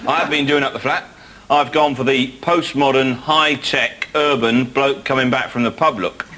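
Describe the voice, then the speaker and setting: A man's voice: mid-range voice, steady tone, normal speed, bright, forceful tone. A British man doing a wry, rambling, self-mocking comic monologue. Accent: British English. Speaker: comedian.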